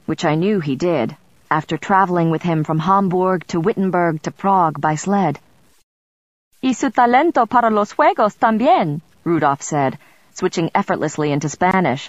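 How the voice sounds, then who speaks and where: A woman with a fairly low voice narrates an audiobook in the first person, composed and even. The recording is dry and dull, with a lo-fi edge. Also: dry recording.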